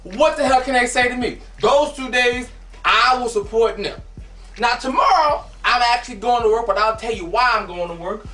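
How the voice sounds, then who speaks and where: A man performing a satirical comic monologue as host, animated and breaking into shouted bursts. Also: very high-pitched. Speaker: comedian host. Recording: echoey, from a distance, faint music.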